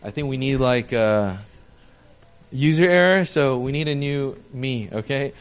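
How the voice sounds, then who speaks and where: A man's voice: medium pitch, unhurried, clean tone. Joking, chatty young pastor, a man. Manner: chatty, self-deprecating, talks with the audience. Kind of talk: casual sermon to a small congregation.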